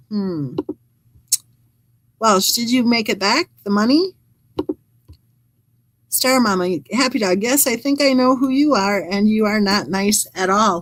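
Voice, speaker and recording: A woman's voice: mid-range voice, a little slow, pauses often, poor audio. A woman hosting a true crime channel, reading live chat comments aloud and adding wry, chatty asides.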